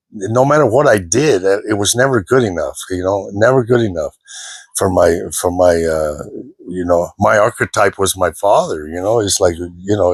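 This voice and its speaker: A man's voice: lowish voice, breathy edge, no echo. An older man gives a rambling, informal motivational talk to the camera, repeating himself and filling gaps with "you know" and "man". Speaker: self-help speaker.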